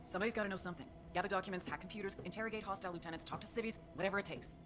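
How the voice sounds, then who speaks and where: An actress playing a brisk, driven female mission handler in a video game, giving businesslike orders. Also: medium pitch, over music, lightly acted. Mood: determined.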